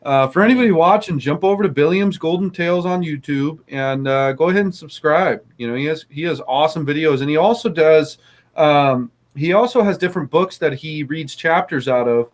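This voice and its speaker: A podcast host with a slightly high voice speaks fairly quickly while running a casual interview. He's effusive, repeating his praise and filling his speech with lots of "um" and "uh."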